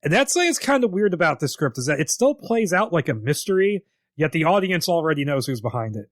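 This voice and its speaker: A man's voice: on the high side, big pitch swings, fairly quick, no echo, studio quality. A man co-hosting a podcast in casual chat, wry and laughing easily as he retells scenes, with some swearing. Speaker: podcast co-host.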